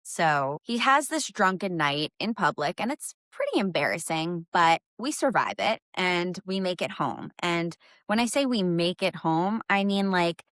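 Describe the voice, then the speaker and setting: Candid young woman, low dry voice. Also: lively intonation, unhurried, few pauses, a bit bright, dry recording. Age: young adult. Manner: candid, conversational, fillers like "like". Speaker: podcast host. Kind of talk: personal storytelling.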